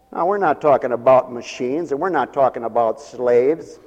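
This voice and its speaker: A man's voice: medium pitch, expressive, normal speed, hardly any pauses, darkish tone, highs cut off. A man preaching an emphatic sermon to a church congregation and a radio audience, calling out for responses. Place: church sanctuary. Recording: long hall reverb.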